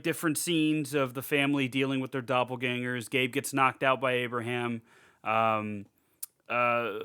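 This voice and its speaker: A man's voice: medium pitch, bright, forceful tone, clean tone. A young man recapping a movie in casual podcast chat, rambling with lots of fillers and swearing freely. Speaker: podcast co-host.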